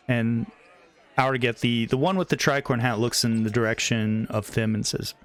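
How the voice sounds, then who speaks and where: A man narrating as game master of a tabletop game, in a slow, loose way with many fillers. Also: medium pitch, steady tone, a bit bright.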